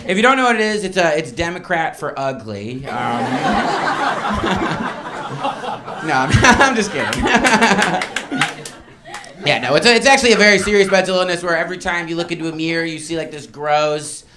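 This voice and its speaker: Lively male comic over club laughter. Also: a little high, moderate pace. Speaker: stand-up comedian. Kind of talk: stand-up set. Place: comedy club stage. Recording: live club with crowd laughter.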